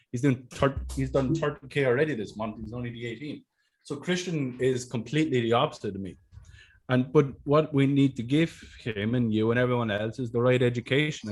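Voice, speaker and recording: A man hosting a casual interview as a sales mentor, talking bluntly and swearing freely. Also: medium pitch.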